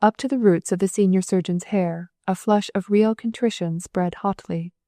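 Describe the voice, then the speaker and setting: A woman reads a novel aloud with lively expression, her voice sitting at a middle pitch. Her narration is scripted and carefully paced. The sound is close and dry, with no room echo. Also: moderate pace. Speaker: audiobook narrator.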